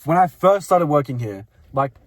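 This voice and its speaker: A man's voice: a little high, big pitch swings, moderate pace, dry recording. A young man telling his own workplace stories in casual chat, laughing often and chiming in with wisecracks. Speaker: co-host.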